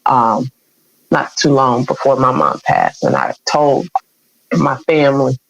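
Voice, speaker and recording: This woman has a bass voice with vocal fry, very animated but at a measured pace. As a radio program director on an interview show, she candidly tells a personal story packed with quoted exchanges, recorded with a dull, dry sound.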